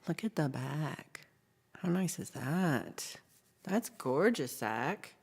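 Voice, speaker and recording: A woman's voice: sits low, lively intonation, takes it slowly, breathy edge. A woman hosting a casual livestream, chatting with viewers and reading their messages aloud, with frequent ums. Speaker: livestream host.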